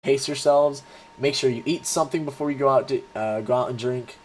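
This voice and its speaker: A man's voice: mid-range voice, a little fast, darkish tone, slight background noise. A man in his twenties casually telling a rambling, profane story, full of fillers and restarts. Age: 20s. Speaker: vlogger.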